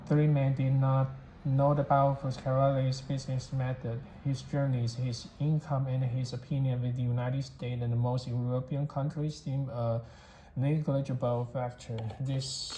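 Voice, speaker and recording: Steady, flat-voiced story reader. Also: mid-range voice. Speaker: audiobook reader. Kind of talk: novel read-aloud. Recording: echoey room, faint background hiss.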